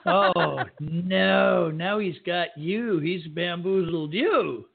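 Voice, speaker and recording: A man's voice: high voice, extremely slow, vocal fry. A man co-hosting a podcast who reacts with playful teasing in a casual chat. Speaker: podcast co-host. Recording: tinny phone-like line.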